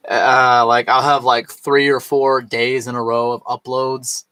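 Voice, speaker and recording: A man in his thirties talking in a loose, rambling way while tipsy, swearing freely and mimicking other people in a higher voice. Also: little pitch movement, slow pace, sharp tone, no echo. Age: 30s. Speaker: vlogger. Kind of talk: casual rambling monologue.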